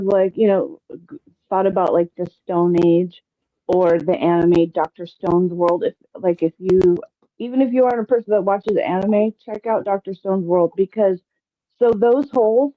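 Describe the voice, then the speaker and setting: A woman's voice: lowish voice, no room sound. Hesitant woman on a tinny call line. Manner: hesitant, many restarts and fillers. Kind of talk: casual chat.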